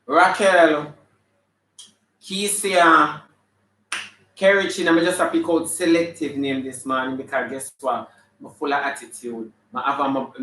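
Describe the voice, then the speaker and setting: A man with a Jamaican accent playing a flamboyant, sassy female character full of attitude, hosting a live stream and shouting out viewers' names. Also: a little high, a little hiss or hum. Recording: echoey room, mic at a distance.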